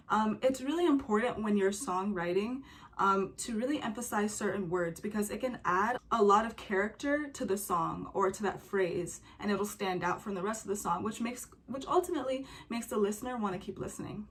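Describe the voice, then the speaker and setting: A woman's voice: mid-range voice, a little fast. A young woman talking casually about a song's music, with many fillers and humming or singing short examples. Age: young adult. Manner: chatty, many fillers, hums and sings examples. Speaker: music commentator reacting to a song.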